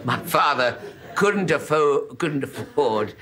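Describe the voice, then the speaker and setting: A male comedian from Britain delivers a rambling comic monologue and giggles at his own jokes. It is a live taping with loud audience noise. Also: on the high side, lively intonation, slow pace.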